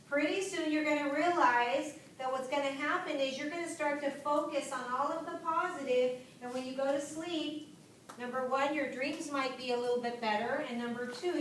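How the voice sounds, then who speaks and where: A woman with a high voice lectures a class, encouraging, often asking whether her points make sense. She sounds distant from the mic, in a very echoey room with faint noise behind her. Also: a bit bright. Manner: encouraging, checks in with frequent "right?" and "make sense?". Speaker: yoga and health teacher.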